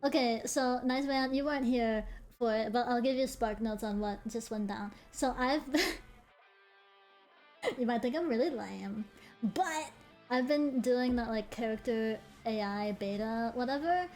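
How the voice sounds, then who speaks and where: A young adult woman streamer with a fairly high voice tells a story in animated, casual chat at an unhurried pace. She swears freely and laughs between lines, with faint music behind her.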